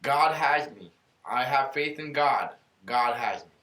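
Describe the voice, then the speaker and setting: A man's voice: medium pitch, lively intonation, a little slow, pushed and bright, echoey room. A man voicing a stubborn old man who insists he is fine, in a raised, insistent voice.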